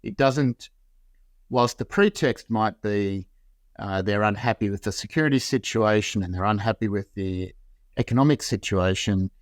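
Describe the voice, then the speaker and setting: Low-voiced man, measured analyst. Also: dry recording, clean studio sound. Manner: measured, builds points in long qualified clauses. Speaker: interview guest.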